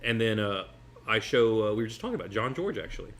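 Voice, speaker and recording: A man in his forties tells an anecdote over a meal. He speaks quickly in a lowish voice. His telling is loose and rambling, with laughter breaking in between phrases. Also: lively intonation, fairly bright tone, a little hiss or hum. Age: 40s. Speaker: magician guest. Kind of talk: casual storytelling over a meal.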